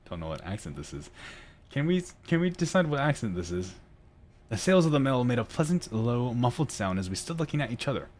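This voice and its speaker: A man's voice: mid-range voice, very animated, brisk, a little mellow, slight background noise. A man hosting a video game let's play, reading story text aloud and chatting, laughing and stumbling over words as he reads. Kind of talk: casual gaming commentary and reading lore aloud.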